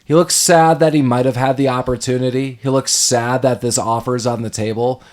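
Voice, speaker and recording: A man hosting a casual podcast discussion of a film, animated and quick to laugh, often acting out lines from scenes. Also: medium pitch. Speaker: podcast host.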